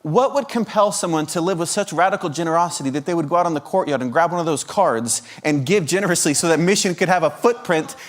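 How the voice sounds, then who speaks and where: A guest preacher's sermon comes in a fairly high-pitched male voice, quick and with hardly any pauses. He rattles off repeated rhetorical questions, stumbling through restarts and stammered repetitions when driving his point home.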